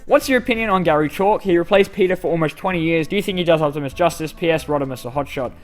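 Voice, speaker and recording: A young man with a fairly high voice runs through viewer questions in a relaxed, offhand way. He rambles and puts himself down, and a faint track of music plays under him. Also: racing. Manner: self-deprecating, rambling with fillers. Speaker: YouTube channel host answering fan questions. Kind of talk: casual Q&A reading comments aloud.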